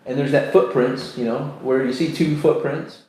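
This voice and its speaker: This host, raised in New York State, leads a relaxed talk on faith with a mellow, mid-range voice that keeps a steady tone at normal speed. He shares personal stories with sincerity, performing the voices of the people he quotes. An echoey room near the beach carries a faint ambient sound.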